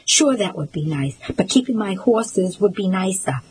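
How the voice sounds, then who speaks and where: A woman's voice: mid-range voice, lively intonation, normal speed, darkish tone, slightly rough, rough recording. A woman reading the part of a defiant young girl who speaks indignantly.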